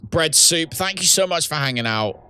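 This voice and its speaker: A man's voice: fairly high pitch, animated, moderate pace, pushed and bright, smooth. A man, chatting casually with viewers while playing a game live, reading out chat messages and laughing often. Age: 30s. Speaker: streamer and host. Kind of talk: casual livestream gaming chat.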